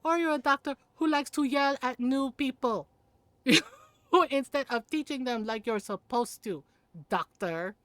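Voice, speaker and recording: A woman voicing a fierce middle-aged auntie who sharply scolds a rude doctor, in a lowered, stern voice. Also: measured pace, a bit bright, no echo. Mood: interrogating.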